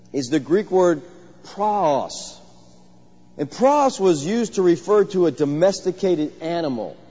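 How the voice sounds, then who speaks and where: A man's voice: a little high, dark tone. A man, a pastor, preaching a conversational sermon and telling stories to his congregation. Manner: conversational, storytelling, asks the congregation questions. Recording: dull, lo-fi sound with long hall reverb.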